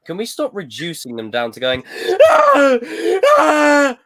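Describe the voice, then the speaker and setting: A man's voice: mid-range voice, sing-song, a little fast, fairly bright tone, dry recording. Opinionated man in a dry, close recording. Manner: opinionated, argumentative. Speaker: podcast co-host. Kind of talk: casual movie discussion.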